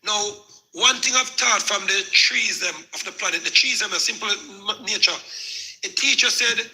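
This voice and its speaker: A man's voice: sits high, moderate pace, creaky, bright, forceful tone, low-quality recording. A Jamaican man in a heated live discussion, preaching at length and repeating "my lord" to the other speaker. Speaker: live stream participant.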